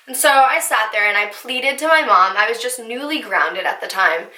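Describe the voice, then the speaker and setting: A young woman from New Jersey telling a casual storytime vlog in a chatty, animated way with lots of fillers. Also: on the high side, moderate pace, few pauses. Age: young adult. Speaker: vlogger. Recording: echoey room.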